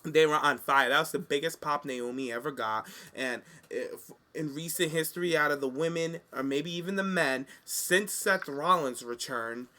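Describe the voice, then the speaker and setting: Sassy, bright-voiced man recapping wrestling. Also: a little high. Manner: animated, sassy, acts out quotes. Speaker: podcast co-host. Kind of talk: casual chat recapping wrestling.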